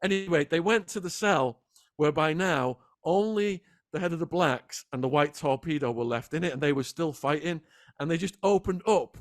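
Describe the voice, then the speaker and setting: A man guest in a sit-down interview, retelling events in an animated, dramatic way. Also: fairly high pitch, normal speed, dry recording, clean studio sound. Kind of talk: vivid storytelling in a sit-down interview.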